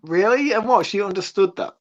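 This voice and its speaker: A man's voice: high voice, animated, a little fast, highs cut off. A man co-hosting a podcast, bantering bluntly and laughing often in casual chat. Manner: laughs a lot, jokey and blunt. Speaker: podcast co-host.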